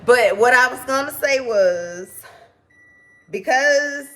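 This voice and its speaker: A woman's voice: sits high, lively intonation, takes it slowly, sharp tone. A woman vlogger telling a casual storytime to her viewers, candid and rambling, swearing freely and apologizing as she loses her thread.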